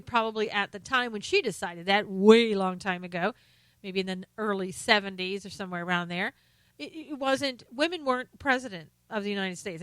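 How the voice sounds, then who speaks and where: Woman talk host, political commentary, sarcastic, indignant, middle pitch, dry close recording. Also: a bit bright, clean tone, no room sound. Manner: exclamatory asides.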